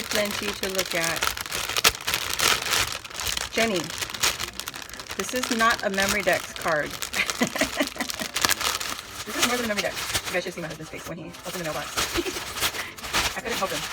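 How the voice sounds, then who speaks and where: A woman vlogger chatting casually as she unboxes a craft gift, gushing with excited exclamations. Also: medium pitch, heavy background noise. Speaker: craft vlogger opening mail.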